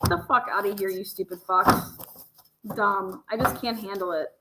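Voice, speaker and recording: A woman's voice: medium pitch, normal speed, heavy background noise. Profane exasperated woman, echoey room. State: slightly hoarse. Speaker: true crime livestream host. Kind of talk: casual livestream rant.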